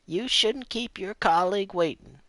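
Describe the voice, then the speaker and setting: A prim, sugary woman with a British accent, spoken noticeably higher than the performer's natural voice, as a man puts her on. Her tone is bright and crisp, with a dry, close sound. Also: normal speed, dry recording. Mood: sweet.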